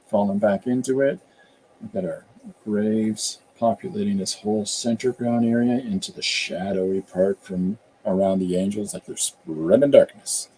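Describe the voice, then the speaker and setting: A man's voice: medium pitch, mellow, slight background noise, rough recording. A man chatting casually and rambling while he draws on a live stream. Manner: rambling and chatty, slips into voices. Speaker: artist streaming while drawing.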